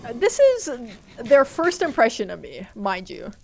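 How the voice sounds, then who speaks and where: Panicky, excitable woman streamer. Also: a little high, unhurried, creaky, slight background noise. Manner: panicky, excitable, talks to chat. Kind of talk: live gameplay commentary.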